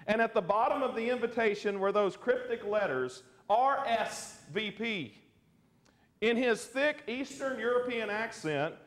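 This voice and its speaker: A man's voice: high-pitched, fairly bright tone. A man preaching a sermon as a guest preacher, folksy and chatty, asking the congregation questions. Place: church hall. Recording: roomy church echo.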